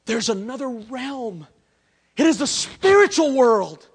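A man preaching a sermon, swinging between loud outbursts and hushed, intimate asides. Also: very high-pitched, big pitch swings, slow pace, slightly rough. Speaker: pastor.

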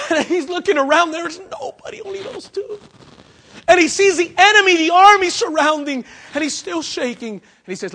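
A man preaches a sermon in a church. His voice sits very high and rings bright. He swings from dramatic near-shouts down to hushed, intimate asides. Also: lively intonation, moderate pace. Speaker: pastor.

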